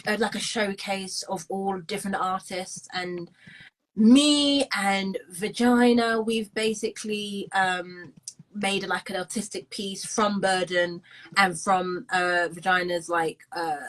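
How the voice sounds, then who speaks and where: A woman's voice: mid-range voice, a bit bright, poor audio. A young woman in her twenties with a London accent, chatting casually as co-host, rambling with lots of ums and restarts. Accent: London English. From London, England. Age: 20s. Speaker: co-host, musician. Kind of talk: casual video-call chat.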